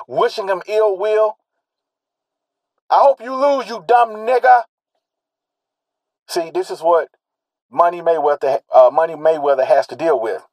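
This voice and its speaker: A man's voice: high-pitched, darkish tone, dry recording, low-quality recording. A man delivering a solo commentary monologue, emphatic and repetitive, drawing out stressed words and firing rhetorical questions.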